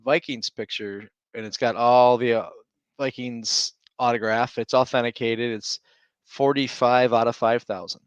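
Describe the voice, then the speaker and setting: A man's voice: medium pitch, steady tone, measured pace, clean tone, no room sound, highs cut off. A man in his thirties, co-hosting a casual chat over a remote call, telling rambling stories and laughing often. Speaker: podcast co-host.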